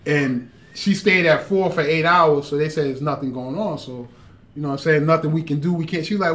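A man telling a story in casual podcast chat, animated and slangy, with a lot of swearing. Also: a little high, brisk. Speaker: podcast guest.

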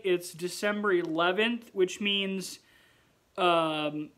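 A man's voice: a little high, unhurried, gravelly, long pauses. A tired young man vlogging from home late at night, chatting expressively and sighing often. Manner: chatty and expressive, with frequent sighs. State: tired, yawning. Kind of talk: casual late-night vlog chat.

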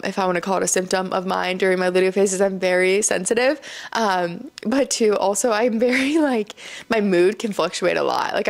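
A woman's voice: medium pitch, gravelly. A young woman from Iowa hosting a casual solo podcast, talking candidly with lots of "like" and "um", and laughing often. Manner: chatty, candid, full of fillers, laughs often. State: tearful, choked up. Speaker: podcast host.

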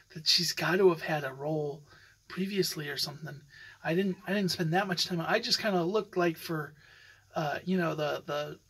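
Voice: mid-range voice, bright, forceful tone, breathy edge, rough recording. A podcast host talking in a casual, opinionated way, rambling with many fillers and restarts. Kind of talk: casual solo podcast commentary.

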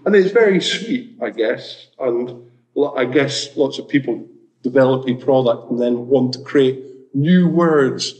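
Slow, rambling man giving a talk. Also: mid-range voice, a little mellow, low-quality recording. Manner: rambling, restarts and jokey asides with put-on quotes. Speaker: speaker at a community education talk. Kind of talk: informal public talk.

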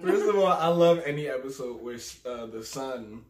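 A man's voice: mid-range voice, animated, normal speed, echoey room. A man chatting as a guest, laid-back and joking, laughing a lot. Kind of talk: casual chat.

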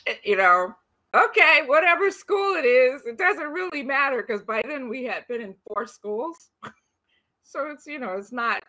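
A woman's voice: sits high, measured pace, low-quality recording. A woman in her sixties, from the United States, animatedly telling her brother about her school memories. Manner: lively, animated storytelling with laughs and restarts. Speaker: interviewee. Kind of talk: recorded conversation between siblings.

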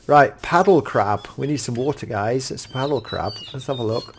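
A middle-aged man, gasping and gushing with excitement while commenting on a game at home. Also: medium pitch, normal speed, a little hiss or hum. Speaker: Minecraft YouTuber showcasing mods. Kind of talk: casual gameplay commentary.

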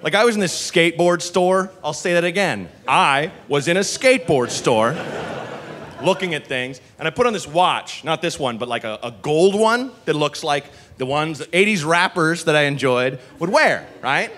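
A man's voice: on the high side, lively intonation, moderate pace, a bit bright. A man performing a stand-up comedy set on stage, telling a rambling story with lots of asides. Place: live comedy venue on stage.

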